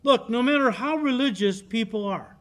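A man's voice: very high voice, moderate pace, a bit bright. A male pastor preaching a sermon, emphatic and direct with the congregation, repeating key words for stress.

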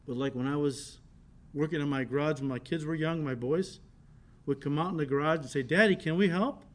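Male pastor, middle-aged, high pitch; animated storytelling sermon with big volume shifts. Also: a little fast.

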